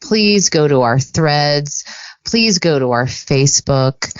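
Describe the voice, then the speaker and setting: A woman's voice: low-pitched, lively intonation, slow, no room sound. A woman co-hosting a casual podcast, chatty and teasing, laughing easily. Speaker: podcast co-host. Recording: dull lo-fi podcast audio.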